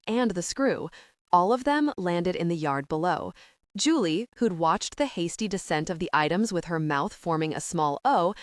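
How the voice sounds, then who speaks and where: A woman narrating a young-adult audiobook in an animated, characterful storytelling manner. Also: on the low side, no echo, studio quality. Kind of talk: scripted narration.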